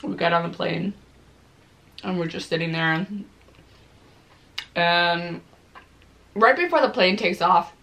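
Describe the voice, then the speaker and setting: A woman's voice: fairly low pitch, slow, long pauses, a bit bright. A young woman vlogger telling a story casually while eating, chatty and full of "like"s, swearing freely.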